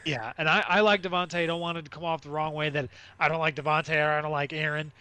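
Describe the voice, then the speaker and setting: A man's voice: a little high, fairly even intonation, quick pace, over a noisy crowd. A man co-hosting a casual sports podcast, rambling with lots of fillers and restarts. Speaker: podcast co-host.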